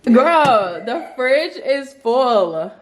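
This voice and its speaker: A young woman vlogging a hotel room tour in an excited, chatty way, full of playful slang, filmed on a handheld phone. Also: high voice, extremely slow, a little hiss or hum. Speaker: travel vlogger. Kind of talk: casual vlog room tour.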